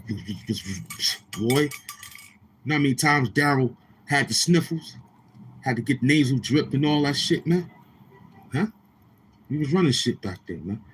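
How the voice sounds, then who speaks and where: A man's voice: medium pitch, breathy edge. A man from Brooklyn, hosting a livestream and telling rambling, profane stories while calling out to the chat. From Brooklyn, New York. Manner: rambling, profane, keeps asking the chat questions. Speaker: show host.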